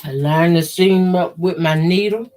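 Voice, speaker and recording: Slow-talking woman chatting while sewing. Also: fairly low pitch, a little mellow, a little hiss or hum. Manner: slow, easygoing running commentary, addresses viewers as y'all. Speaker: quilter hosting a sewing livestream. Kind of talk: casual chat while sewing.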